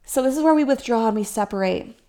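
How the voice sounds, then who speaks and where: A woman's voice: on the high side, lively intonation, quick pace, dark tone. A woman fertility coach talking to listeners in a casual podcast monologue, reassuring and conversational, often acting out their anxious inner voices.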